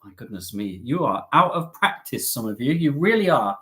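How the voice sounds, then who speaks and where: A man's voice: mid-range voice, sing-song, normal speed, fairly bright tone. A man hosting a travel live stream, chatty and upbeat, with cheeky jokes and asides.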